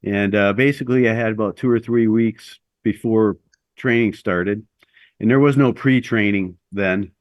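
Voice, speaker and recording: Low-voiced middle-aged man telling stories. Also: normal speed, no echo. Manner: rambling, many fillers and restarts. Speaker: guest, former Navy SEAL. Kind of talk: casual interview storytelling.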